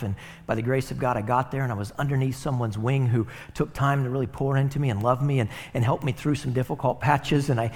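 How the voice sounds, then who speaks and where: A man's voice: mid-range voice, fairly even intonation, quick pace, hardly any pauses, darkish tone. A man preaching a sermon in a conversational way, with rhetorical asides to the congregation. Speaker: pastor.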